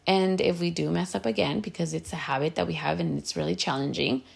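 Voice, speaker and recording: A woman's voice: lowish voice, steady tone, fairly quick, gravelly, slightly rough. A woman speaking in an earnest, direct coaching tone about everyday habits, sometimes slipping into Spanish phrases. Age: adult with a partner and kids. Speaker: podcast host giving advice. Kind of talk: casual advice talk.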